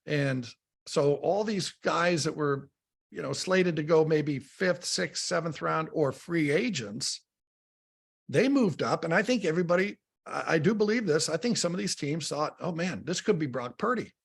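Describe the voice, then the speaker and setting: A middle-aged man breaks down football in easy, storytelling sports talk, his voice gravelly and a little husky and set fairly high. He gets animated and stacks up repeated words as he starts each point. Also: unhurried. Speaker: radio analyst.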